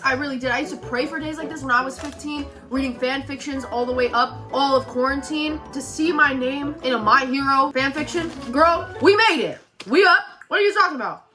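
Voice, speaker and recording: Young woman streamer, reading fan story aloud, animated reactions, higher voice, music behind. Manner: animated, exclaiming between passages.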